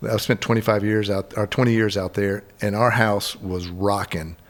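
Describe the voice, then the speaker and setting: Middle-aged male host, low voice, easygoing, rambling chat. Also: moderate pace. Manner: rambling, relaxed, many restarts. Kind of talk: casual interview chat.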